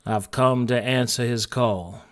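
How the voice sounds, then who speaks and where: Man putting on a soft-spoken Southern stranger. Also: mid-range voice, fairly even intonation, unhurried, natural voice. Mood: menacing. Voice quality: soft, smooth, drawling. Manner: courteous but threatening. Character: mysterious polite drifter in black, grown man, menacing calm.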